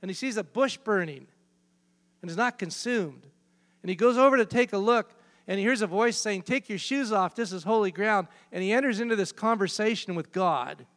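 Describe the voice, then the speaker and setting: A man's voice: high-pitched, a little fast, a bit bright. A man preaching a sermon, emphatic and repeating key phrases for weight. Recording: long hall reverb.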